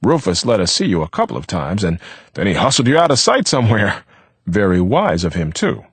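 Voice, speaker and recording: A man's voice: on the low side, huge pitch swings, a little fast, slightly rough, no echo, voice pushed up, exaggerated voice. A man voicing a wry husband who answers curtly.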